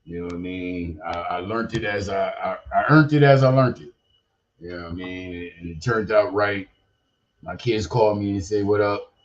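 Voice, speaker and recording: A man's voice: deep voice, steady tone, moderate pace, highs cut off. An older man hosting a podcast, talking in a loose, rambling, slangy way full of profanity and "you know what I mean.". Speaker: podcast host. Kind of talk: casual livestream chat.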